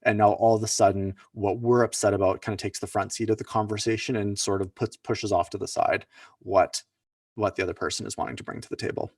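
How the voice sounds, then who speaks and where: A man's voice: on the low side, steady tone, fast, no room sound, studio quality, distant mic. A man presenting at an online workshop, talking loosely with many fillers and restarts. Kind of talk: casual online teaching talk.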